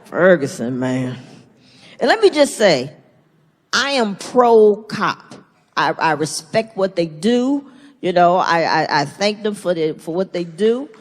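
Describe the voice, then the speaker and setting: A middle-aged woman performing a stand-up comedy set, animated and jumping into loud put-on voices for punchlines. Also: fairly low pitch, a little slow. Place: large theater stage. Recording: live theater stage mic with long hall reverb and audience laughter. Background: audience laughter and ambience.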